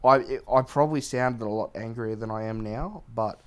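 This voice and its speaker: A man's voice: mid-range voice, moderate pace, clear, resonant tone. A man co-hosting a podcast, telling a story bluntly with plenty of swearing and jokes. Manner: blunt, profane, joking. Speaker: podcast co-host. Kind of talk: casual storytelling chat.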